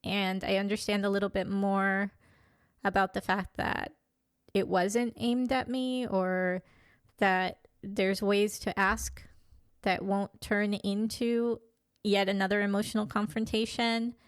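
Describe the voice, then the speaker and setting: A woman in her fifties speaks candidly in a personal monologue, often pausing and restarting as she gathers her thoughts. Her voice is smooth and resonant, and it sits at a middling pitch. The sound is dry and close, with no room echo. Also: level tone. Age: 50s. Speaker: vlogger.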